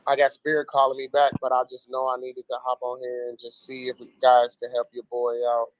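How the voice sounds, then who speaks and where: A young man from Gary, Indiana on a casual livestream, hoarse and sick from yelling, sounding weary and pleading with his viewers. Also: medium pitch, completely flat delivery, a little fast, no echo, dull audio. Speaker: livestreamer asking viewers for money.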